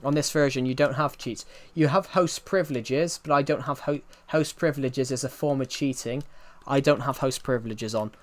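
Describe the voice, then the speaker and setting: Young British man, non-London accent, game streamer, rambling live chat, mid-pitched voice. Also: moderate pace. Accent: British, not London. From United Kingdom. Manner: rambling, repeats himself, frequent "um" and "if you get what I mean".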